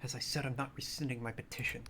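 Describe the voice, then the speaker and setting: A man voicing a sweet-voiced, evasive woman librarian in a video game, talking softly and primly. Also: mid-range voice, lively intonation, quick pace. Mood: flustered. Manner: soft, prim, sugary and guarded.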